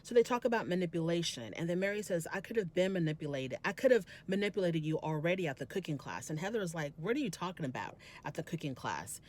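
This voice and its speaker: A woman hosting a casual reality TV recap, retelling scenes and acting out the quotes in quick bursts. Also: lowish voice, expressive, darkish tone.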